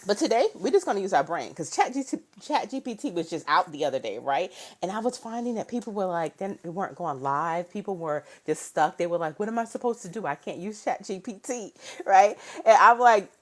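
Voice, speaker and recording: A woman's voice: on the low side, expressive, fairly quick, few pauses. A woman in her thirties hosting a casual motivational live stream from home on a phone mic. She talks animatedly, greets viewers by name and keeps checking in with "right?".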